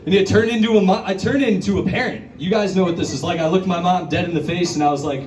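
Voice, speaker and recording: A male stand-up comedian doing a crude, conversational set at a brewery show, jumping into high, put-on voices to act out scenes. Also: fairly even intonation, fast, darkish tone. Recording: roomy bar recording from a distance. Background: audience laughter and bar ambience.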